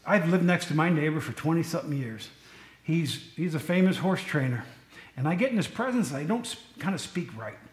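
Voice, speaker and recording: High-voiced chatty pastor in a church. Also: male voice, reverberant. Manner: chatty, joking asides to the congregation. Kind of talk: casual sermon.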